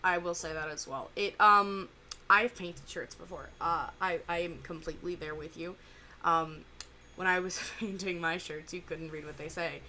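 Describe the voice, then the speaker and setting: A woman giving casual, rambling reaction commentary full of fillers and pauses. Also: fairly low pitch, fairly even intonation, bright, forceful tone, a little hiss or hum. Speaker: reaction video host.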